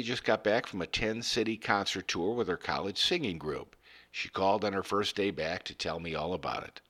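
A man reading a first-person story aloud in a measured, earnest way. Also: low voice, pushed and bright. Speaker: reader of a story.

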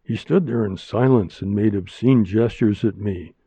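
Man reading as a calm, practical woman. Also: on the low side, normal speed, slightly rough.

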